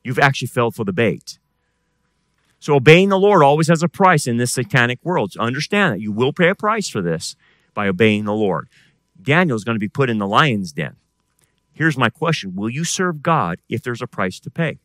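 Animated man preaching a sermon. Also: mid-range voice, normal speed, no echo. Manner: preaching with swings from loud emphatic to quiet intense. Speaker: pastor.

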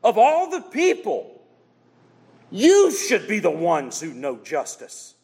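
A man's voice: high-pitched, huge pitch swings, slow, a little mellow, breathy edge, big-room sound. A man preaching a sermon as pastor, emphatic and quoting scripture dramatically.

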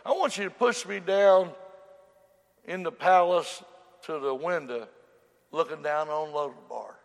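A man's voice: on the high side, measured pace, creaky, long reverb tail. A preacher voicing a humble crippled old grandfather. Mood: wistful. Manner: soft and tearful.

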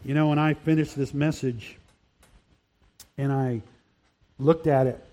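An older man preaching a sermon, earnest, rising to loud emphatic peaks. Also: mid-range voice, steady tone, a little slow. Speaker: pastor. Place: church hall.

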